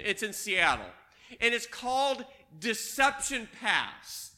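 An older man preaching a sermon, swinging between loud emphatic lines and hushed ones. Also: extremely high pitch, sing-song, takes it slowly. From Washington State. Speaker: pastor.

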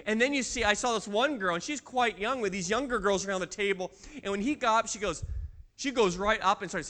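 A man's voice: high voice, brisk, pushed and bright. A man preaching a sermon in a church, telling a story and asking the congregation questions. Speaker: pastor.

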